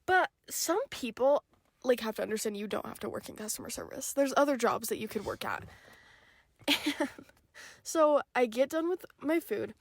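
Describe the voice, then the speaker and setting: A woman's voice: on the high side, animated, normal speed, creaky, no room sound. A young woman co-hosting a podcast, chatting casually and giggling, with casual swearing, recorded in a parked car. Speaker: podcast co-host. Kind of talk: casual chat.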